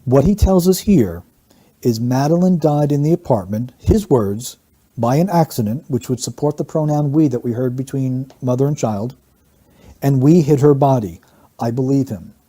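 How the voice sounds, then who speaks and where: Here a man with a dark, mid-range voice and lively intonation speaks at a moderate pace. His explanatory analysis of interview clips is methodical, and he teaches statement analysis by going through one clip and repeating important phrases for emphasis.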